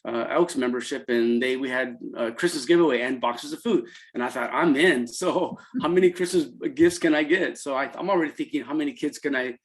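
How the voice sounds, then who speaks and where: A middle-aged man from Central California, a college program founder appearing as an interview guest, tells an emotional story conversationally. His medium-pitched voice is halting and heartfelt, full of restarts and fillers, and it rises when he quotes students. The recording is rough.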